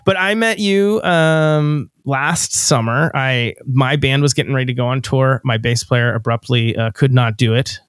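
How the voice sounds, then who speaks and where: A man's voice: medium pitch, a little slow, hardly any pauses, clear, resonant tone, no room sound, clean studio sound. A man in his forties hosting a podcast, chatting in an easygoing, rambling way with lots of fillers. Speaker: podcast host. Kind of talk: casual interview chat.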